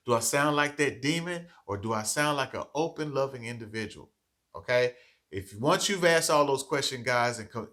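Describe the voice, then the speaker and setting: A man's voice: fairly high pitch, fairly bright tone. A man giving a training talk to childcare teachers, earnest and coaching, often checking in with "okay?".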